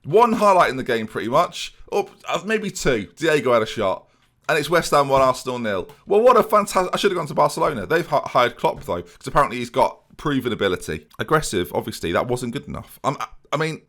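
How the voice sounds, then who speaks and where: Male let's-player, lively swooping pitch, mock-grumpy asides to viewers. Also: a little fast. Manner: animated, self-mocking, talks to viewers. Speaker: gaming YouTuber. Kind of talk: let's play commentary.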